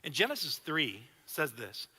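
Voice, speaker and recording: Male pastor in his 30s, bright, slightly high voice, lively conversational sermon, long hall reverb. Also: a little slow, slightly rough. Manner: animated, conversational preaching with repeated restarts. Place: church auditorium.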